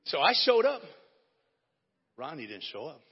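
A man preaching a sermon as pastor, moving from hushed storytelling to shouted preaching. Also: fairly high pitch, wildly swooping pitch, unhurried, slightly rough. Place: church sanctuary. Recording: dull lo-fi audio with long hall reverb.

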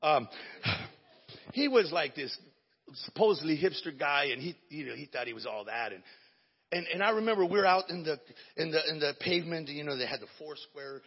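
A man preaching a sermon as pastor, moving from hushed storytelling to shouted preaching. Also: a little high, lively intonation, brisk, slightly rough. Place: church sanctuary. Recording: dull lo-fi audio with long hall reverb.

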